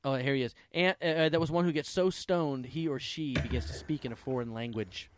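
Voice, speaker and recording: A man's voice: medium pitch, brisk, dry recording, clean studio sound. A man hosting a crude comedy game show over a video call, laughing often and stumbling into restarts. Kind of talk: crude comedy podcast banter. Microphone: online video call.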